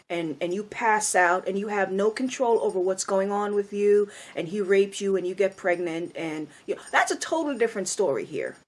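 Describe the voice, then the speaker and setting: A woman speaking in a blunt, scolding monologue, angry and firing off rhetorical questions. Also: mid-range voice. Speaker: video commentator.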